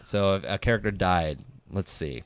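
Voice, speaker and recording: A man's voice: deep voice, normal speed, no echo. A young man hosting a casual podcast, telling stories in a rambling way full of fillers and restarts. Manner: rambling, filler-heavy storytelling. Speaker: podcast host. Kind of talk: casual chat.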